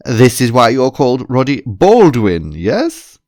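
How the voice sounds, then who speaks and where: Mister Van Groep is a genial, slightly pompous boss , read by a male narrator, polite and formal in speech. His voice is a little louder than the reader's plain narration. He sounds smooth and sure of himself. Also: medium pitch, huge pitch swings, unhurried, voice pushed up. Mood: jovial.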